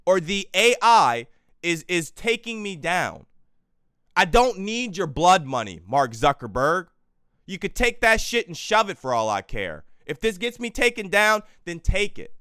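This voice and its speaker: A man hosting a political livestream, tired and exhausted, swinging between quiet weary stretches and loud profane outbursts into a close microphone. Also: high-pitched, big pitch swings, unhurried, smooth, dry recording. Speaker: livestream host. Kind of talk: impassioned political livestream rant.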